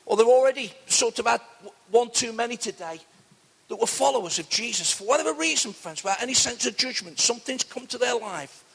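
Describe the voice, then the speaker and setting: Gravelly pastor preaching in reverb. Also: male voice, extremely high pitch, expressive, a little fast, fairly bright tone. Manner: earnest, repeatedly addresses listeners as friends. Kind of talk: sermon. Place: church hall. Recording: long church reverb.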